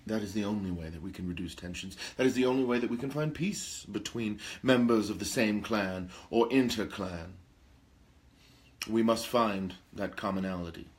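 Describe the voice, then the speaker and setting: A man's voice: on the low side, moderate pace, natural voice. A man playing a pompous, theatrical aristocratic male vampire lord who hosts a talk show, with grandiloquent speech and gossipy asides. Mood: solemn. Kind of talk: in-character role-play talk show.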